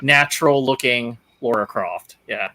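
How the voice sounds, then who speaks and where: A man in a casual gaming chat, passing on news in a relaxed, filler-heavy way. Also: medium pitch, measured pace. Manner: easygoing, filler-heavy recommending. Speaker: show regular.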